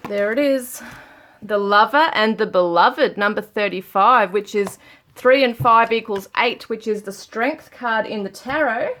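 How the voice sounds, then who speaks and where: A woman doing a pick-a-card tarot reading, gently reading card messages aloud and commenting on them. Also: a little high, measured pace. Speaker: tarot reader.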